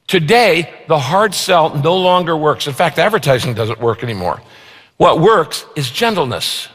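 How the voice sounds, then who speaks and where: A man preaches from the pulpit with a somewhat high-pitched voice, stretching out important phrases for emphasis. His words ring out with the long reverb of a big church sanctuary. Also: expressive, fairly bright tone. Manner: emphatic, slows down to stress key phrases. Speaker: pastor. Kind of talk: sermon.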